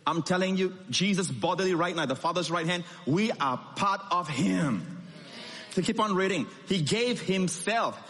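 Male pastor, higher-pitched voice, emphatic sermon delivery, long hall reverb. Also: lively intonation, moderate pace, a bit bright. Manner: emphatic preaching, rising and falling with stressed words.

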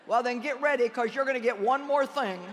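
A woman's voice: sits high, a little fast, slight background noise. A woman preaching a sermon to a conference crowd, addressing listeners directly and emphatically with laughing asides. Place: large conference hall. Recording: long reverb in a large hall.

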